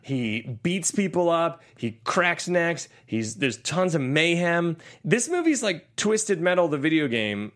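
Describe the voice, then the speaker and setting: A man co-hosting a podcast, chatting enthusiastically and rambling through a movie review with quick asides. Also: fairly high pitch, big pitch swings. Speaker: podcast co-host. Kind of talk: casual movie-review chat.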